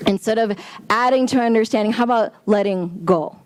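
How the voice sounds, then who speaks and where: A woman giving a sermon-style talk at a spiritual center, animated and exclamatory, with playful asides. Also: on the high side, brisk, smooth, no room sound. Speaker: guest speaker at a spiritual center.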